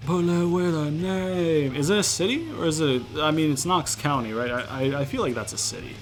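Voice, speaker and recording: A young man from outside the US giving rambling, profane let's-play commentary, breaking into loud exasperated rants. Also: a little high, expressive, fast talker, soft background music. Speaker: gaming YouTuber.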